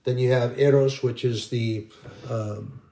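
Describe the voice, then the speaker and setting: A man's voice: mid-range voice, steady tone, a little slow, warm tone. A middle-aged man giving an informal, rambling sermon, earnest and full of restarts. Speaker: Christian video preacher.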